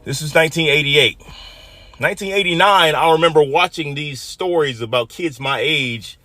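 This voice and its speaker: A man from Michigan in his fifties tells a personal story aloud in a plain-spoken, emphatic way that swings from quiet to loud. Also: fairly high pitch, moderate pace, dry recording, faint music behind. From Michigan, USA.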